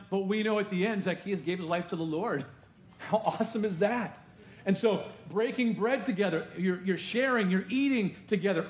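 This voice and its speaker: A male pastor delivers a lively, conversational sermon, tossing rhetorical questions out to his congregation. His voice sits a little high for a man. The sound carries the roomy echo of a church sanctuary.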